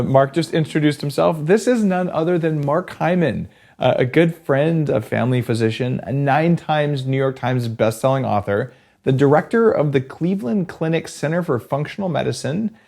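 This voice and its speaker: Excitable male podcast host. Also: fairly high pitch, gravelly. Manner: excited, storytelling, quick asides. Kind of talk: casual interview chat.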